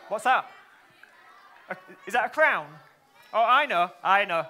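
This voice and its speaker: A man's voice: sits high, lively intonation, measured pace, sharp tone, a faint crowd, slight background noise. A man performing a live children's magic show, teasing and playful, constantly asking the young audience questions. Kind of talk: live kids' show patter.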